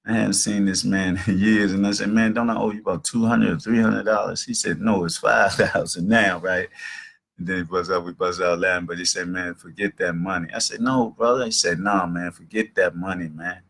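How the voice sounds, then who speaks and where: This is a man around sixty with a deep, husky voice. He hosts a talk show and tells stories in a loose, heartfelt monologue, leaning on fillers like "man" and "you know". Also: fairly even intonation, brisk, fairly bright tone. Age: about 60. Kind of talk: casual spoken monologue.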